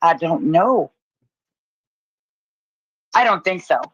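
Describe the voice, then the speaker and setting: A woman's voice: on the low side, animated, slow pace, breathy edge, dry recording. A woman co-hosting a casual livestream chat, blunt and profane, teasing her co-host. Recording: dull lo-fi stream audio.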